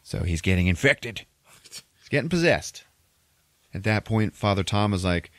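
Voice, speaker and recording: A man with a deep voice retells a horror movie scene by scene, swearing freely and acting out the twists. His voice is close and dry, with no room sound at all. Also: normal speed, pauses often, dry recording. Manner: profane, animated storytelling. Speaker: podcast host. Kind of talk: casual movie plot retelling.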